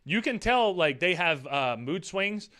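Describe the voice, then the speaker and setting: Male stream host, bright edge, dry close sound, loose rambling chatter with casual swearing. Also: sits high, expressive, measured pace, clean tone, no echo. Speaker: livestream host.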